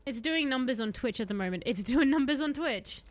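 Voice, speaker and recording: A woman's voice: high voice, expressive, brisk. A young woman streaming a game, chatting sarcastically and wandering off on tangents. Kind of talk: casual gameplay commentary.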